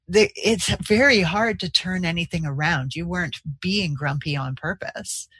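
A woman's voice: lowish voice, moderate pace, fairly bright tone, breathy edge. A woman hosting a podcast, thoughtfully summarizing her guest's story. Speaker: podcast host. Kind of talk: reflective interview talk.

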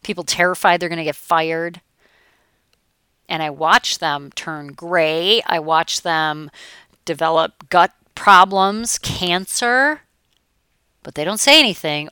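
Woman, middle-aged, motivational coach, chatty and animated, bright crisp voice, dry close sound. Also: on the low side, slow, no room sound. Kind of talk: motivational talk.

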